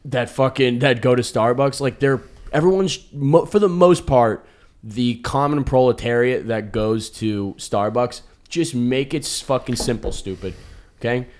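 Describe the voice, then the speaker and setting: A young American man co-hosting a comedy podcast, talking loudly and swearing, with mock grand proclamations. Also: medium pitch, a little slow. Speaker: podcast co-host. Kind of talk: casual chat.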